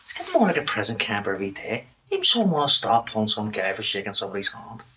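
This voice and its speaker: A man's voice: lowish voice, huge pitch swings, quick pace, pushed and bright, a little hiss or hum, heavily acted. Jimmy, a man playing a sweary Belfast dad. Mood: grumbling. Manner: grumbling, swearing, exasperated. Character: grumpy sweary middle-aged Belfast dad, fed up. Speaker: working-class father. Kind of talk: comedy drama acting.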